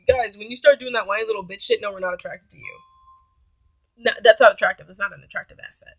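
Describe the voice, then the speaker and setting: A woman's voice: fairly high pitch, fast, husky, no room sound, low-quality recording. A woman vlogger telling a story in a casual, blunt, profane way.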